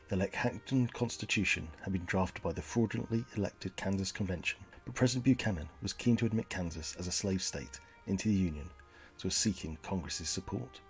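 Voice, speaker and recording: A man with a low voice hosts a comedy podcast. He delivers his jokes and history bits in a deadpan, mock-earnest way. Faint music plays behind him. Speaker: podcast host.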